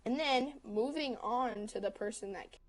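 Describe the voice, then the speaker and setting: Woman rapidly recounting an argument. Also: fairly high pitch, rough recording. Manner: retells text arguments quickly, quoting both sides. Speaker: livestream host. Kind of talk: casual storytelling on a livestream.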